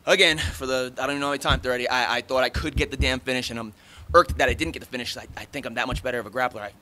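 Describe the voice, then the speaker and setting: A man's voice: medium pitch, fairly even intonation, pushed and bright, a little hiss or hum. A man in his thirties answering reporters after a fight, blunt, talkative and swearing freely. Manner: blunt, profane, fast and talkative. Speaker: fighter at post-fight press conference. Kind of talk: casual post-fight interview answers.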